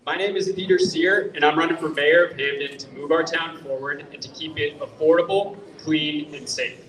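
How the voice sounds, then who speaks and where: A man speaking as a mayoral candidate, giving a measured, policy-focused prepared statement. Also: on the high side, steady tone, fairly bright tone. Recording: echoey room from far off, faint noise.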